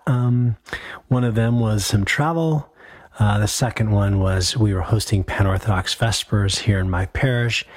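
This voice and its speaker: A man, a priest hosting a live call-in radio show, his voice gravelly and hoarse from illness, talking in a relaxed, rambling way with many fillers. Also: lowish voice, dry recording, studio quality.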